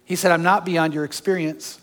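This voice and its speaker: A pastor preaching a sermon to a congregation, his voice going from loud storytelling down to soft, hushed appeals. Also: fairly high pitch, fairly even intonation, fairly quick. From California. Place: large church hall. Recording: long hall reverb.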